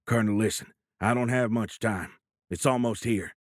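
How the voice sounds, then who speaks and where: A man voicing a gruff, panicked director. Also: on the low side, normal speed, dry recording, studio quality, close to an everyday voice. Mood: urgent. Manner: urgent, panicked, then choked with grief. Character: gruff middle-aged male agency director.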